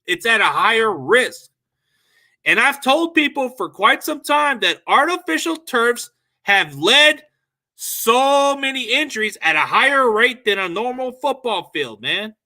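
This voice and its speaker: A man's voice: very high-pitched, big pitch swings, a little slow, pushed and bright. Fired-up profane man ranting about football. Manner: frustrated, profane, venting and rambling; reads and answers live chat comments. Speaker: sports show host. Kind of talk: casual post-game rant.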